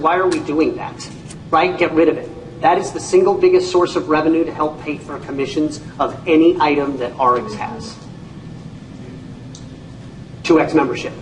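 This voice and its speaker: A man, a company CEO, giving an animated training talk to an audience, telling stories and acting out people's reactions with folksy exclamations. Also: fairly high pitch, a little hiss or hum. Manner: storytelling, acts out voices, folksy exclamations. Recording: echoey room, speaker far from mic.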